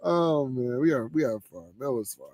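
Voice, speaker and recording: A man hosting a live cigar show in casual chat, laid-back and laughing, trailing off into low murmurs. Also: big pitch swings, moderate pace, warm tone, no room sound.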